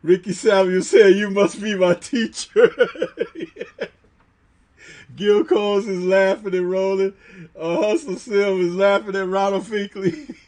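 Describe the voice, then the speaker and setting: Man, stream host, casual chat, slangy, frequent laughter, unhurried delivery. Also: high voice, a little mellow. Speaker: livestream host reading chat.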